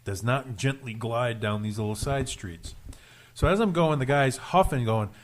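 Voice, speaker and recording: A man's voice: medium pitch, moderate pace. A man with a Rhode Island accent hosting a radio show in a studio, rambling through a driving story and laughing often. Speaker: radio show host and rideshare driver. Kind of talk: casual studio chat, telling an anecdote.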